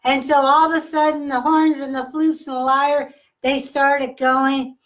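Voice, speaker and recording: A woman pastor telling a Bible story to children in a slow, deliberate way. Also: high voice, little pitch movement, a bit bright, low-quality recording.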